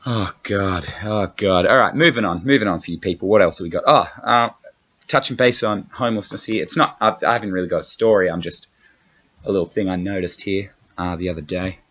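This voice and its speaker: A man's voice: sits low, fairly quick, fairly bright tone. An Australian man hosting a comedy podcast in a casual chat, rambling, profane and self-mocking. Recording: dull lo-fi podcast audio.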